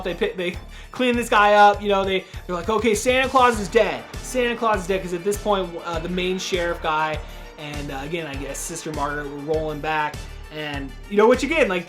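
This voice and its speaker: A man hosting a podcast, casually recapping a horror movie in a rambling, profane way, full of "dude" and quick acted-out quotes. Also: high-pitched, a bit bright. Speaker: podcast host reviewing a horror film.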